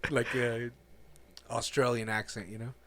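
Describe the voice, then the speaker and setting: A man's voice: medium pitch, flat delivery, unhurried, a bit bright, dry recording. A man co-hosting a podcast in casual chat, easygoing and agreeable, with many hesitant fillers. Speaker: podcast co-host.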